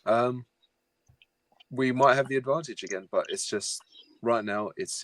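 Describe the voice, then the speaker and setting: A man's voice: mid-range voice, a little slow, a bit bright, dry recording, poor audio. A man giving a casual, hesitant fan reaction as a panel guest, with lots of ums and wry laughs.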